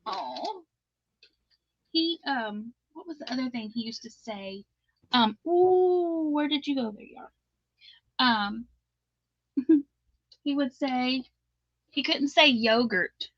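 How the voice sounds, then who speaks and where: A woman's voice: high voice, lively intonation, takes it slowly, long pauses, fairly bright tone, no room sound, dull audio. A middle-aged woman with a Southern drawl, chatting casually as host of a live crochet stream, laughing often and reading viewer comments aloud.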